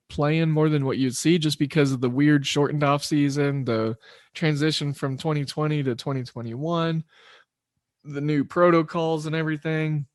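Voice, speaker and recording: A man's voice: on the high side, no echo, studio quality. A man hosting a sports betting podcast, talking loosely and in a rambling, self-deprecating way. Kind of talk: casual solo podcast talk.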